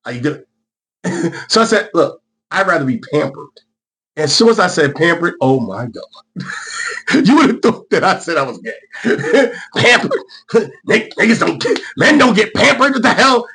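A middle-aged man talks to his audience in a casual, motivational way, with a voice that sits fairly high for a man and swings widely in pitch. He is emphatic, laughs often, and repeats his points to drive them home. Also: sing-song, moderate pace, fairly bright tone.

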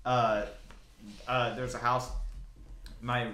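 A man's voice: mid-range voice, level tone, extremely slow, sharp tone, a little hiss or hum. A young man chatting casually as a podcast co-host, telling rambling stories with fillers and frequent laughs. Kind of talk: casual chat. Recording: roomy echo.

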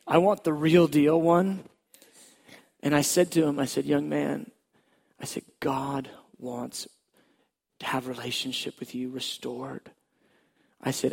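A man with a gravelly, husky voice tells a personal faith story in a relaxed, conversational way. He sometimes drops to a near-whisper at the tender parts and lifts his voice again when the story picks up. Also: a little high. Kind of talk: testimony story.

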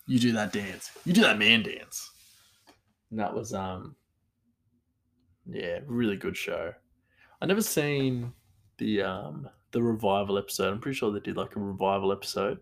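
A man's voice: on the low side, vocal fry. A man hosting a casual solo talk, rambling with lots of fillers and chuckling asides. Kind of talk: casual monologue.

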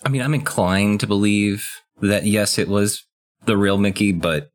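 A man co-hosting a podcast, chatting casually as he recaps a video game and breaks into quick, excited rushes of speech. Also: lowish voice. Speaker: podcast co-host.

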